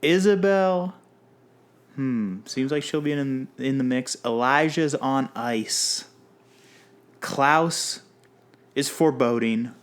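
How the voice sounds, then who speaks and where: Man, podcast co-host, casual chat, playful, punning, middle pitch. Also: slow, pauses often. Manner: playful, punning, runs a quiz game.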